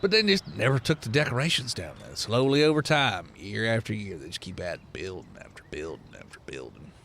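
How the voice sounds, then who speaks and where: A man's voice: fairly low pitch, very animated, brisk, a bit bright, a little hiss or hum, pitched below the performer's own voice. A man playing a blunt, suspicious rural Texan man with a folksy drawl in a tabletop game. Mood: gossipy.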